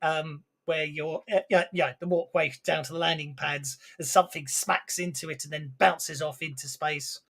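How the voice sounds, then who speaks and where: A man's voice: a little high, steady tone, vocal fry, fairly bright tone. A male game master narrates a tabletop session over an online call. He stops and starts, stumbles over his fillers and breaks into laughter often. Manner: halting, full of fillers and restarts, laughs often.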